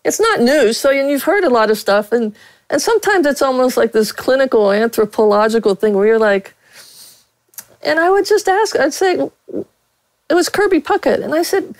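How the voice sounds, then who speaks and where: A woman's voice: sits high, lively intonation, normal speed, no echo, rough recording. A woman from Pittsburgh, a veteran sportswriter, telling blunt stories in a casual interview with many fillers and laughs. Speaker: sportswriter guest.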